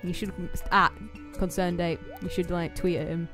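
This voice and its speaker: A woman's voice: on the low side, level tone, normal speed, a bit bright, soft background music. A young woman chatting during a game stream, sarcastic, laughing often and swearing freely. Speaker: co-player on a stream. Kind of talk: casual gaming chat.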